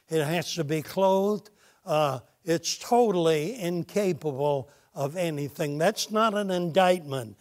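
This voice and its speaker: A man preaching with a somewhat high voice and an unhurried, deliberate pace. He drops into dramatic pauses and acts out the people in his stories as he moves through a sermon. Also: a little mellow. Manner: dramatic pauses, retells stories with acted quotes.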